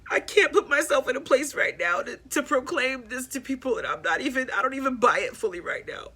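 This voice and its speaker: A woman hosting a personal grief podcast, talking candidly and haltingly, repeating herself as she works through her thoughts. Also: high-pitched, animated, sharp tone, slightly rough. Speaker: podcast host.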